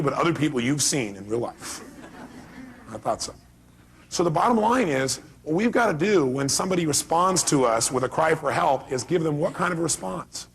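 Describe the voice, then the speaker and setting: A man's voice: on the high side, vocal fry, fairly bright tone, a little hiss or hum. A middle-aged man giving a live seminar talk as a motivational speaker, emphatic and firing rhetorical questions at the audience.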